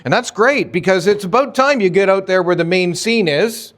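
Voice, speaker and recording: A preacher voicing a sibling's brothers as they taunt and goad him, pushy and mocking. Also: male voice, on the high side, huge pitch swings, moderate pace.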